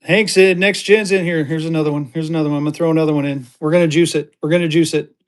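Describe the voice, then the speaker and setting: Man from Colorado, high voice, selling live on stream with quick, excited auction patter. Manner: upbeat, rapid-fire adding items, gets excited.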